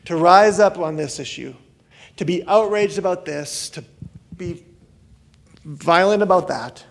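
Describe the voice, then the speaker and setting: A man preaching a conversational sermon as a pastor, swinging between loud outbursts and hushed asides. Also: a little high, gravelly.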